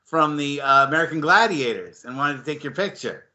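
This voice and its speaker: A man hosting an interview, asking questions haltingly and restarting them. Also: a little high, lively intonation, pushed and bright, lo-fi sound. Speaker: interview host.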